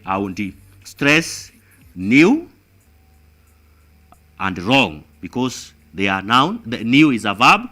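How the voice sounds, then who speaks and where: A man's voice: medium pitch, sharp tone. A man with a Kenyan accent teaching an exam revision lesson, emphatic and repeating words as he thinks.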